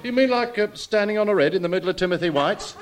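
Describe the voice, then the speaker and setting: A man's voice: high voice, lively intonation, fast talker. An actor playing a blunt, grumpy male pier co-owner in a radio sitcom, talking in a curt, scoffing way. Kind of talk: 1990s radio sitcom acting. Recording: loud hiss, archive radio broadcast.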